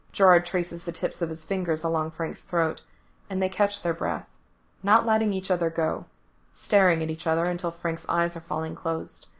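A woman with a somewhat low voice reads a story aloud in scripted narration. Her delivery is soft and intimate, easing down to a near-hush in the tender passages. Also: gravelly. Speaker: reader. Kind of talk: scripted narration of explicit fan fiction.

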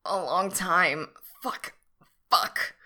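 A woman's voice: low voice, fairly even intonation, slow pace, sharp tone, heavily acted. A woman voicing a breathless, eager young man who pleads. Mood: pleading.

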